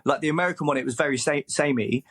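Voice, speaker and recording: Higher-voiced man, enthusiastic podcast chat. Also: very fast, fairly bright tone, slightly rough. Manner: enthusiastic, laughs easily. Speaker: podcast co-host.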